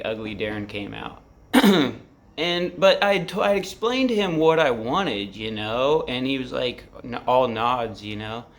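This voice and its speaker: A man's voice: fairly low pitch, fairly bright tone. A man in his forties rambling candidly about his feelings in a vlog, swearing freely and leaning on lots of fillers, recorded in his apartment. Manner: rambling, profane, heavy with fillers. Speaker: vlogger. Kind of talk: candid personal reflection to camera.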